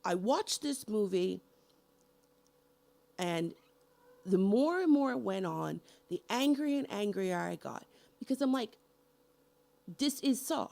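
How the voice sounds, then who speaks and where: Slow-talking, heated middle-aged woman ranting. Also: medium pitch, expressive, gravelly, darkish tone. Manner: heated, profane, emphatic. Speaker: horror vlogger. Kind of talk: angry movie rant to camera.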